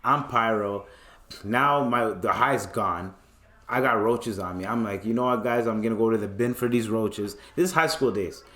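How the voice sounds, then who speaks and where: A man's voice: lowish voice, normal speed, sharp tone. A young man, hosting a podcast and telling a loose, profane story while acting out the voices of the people in it. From Canada. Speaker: podcast host. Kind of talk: casual storytelling. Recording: roomy echo.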